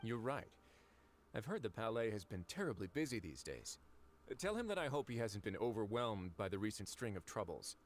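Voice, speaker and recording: An actor playing a calm, dryly teasing man who runs a prison, in a video game. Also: on the low side, moderate pace. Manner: dry, teasing, composed.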